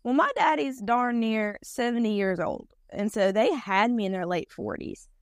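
A woman in her thirties with a fairly high voice speaks at normal speed in a clean, echo-free studio recording. She's a pageant titleholder from eastern North Carolina with a Southern accent, chatting down-to-earth as a podcast guest and using lots of fillers.

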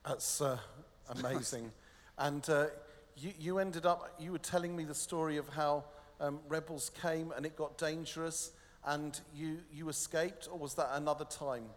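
A man's voice: on the high side, fairly even intonation, moderate pace, big-room sound. A man hosting an interview who asks questions hesitantly, with many fillers. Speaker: interviewer host.

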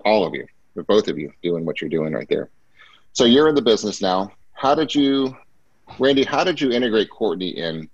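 A man's voice: sits low, breathy edge, no echo, muffled recording. A man hosting a business talk in a coaching manner, often checking in with rhetorical questions. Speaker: host.

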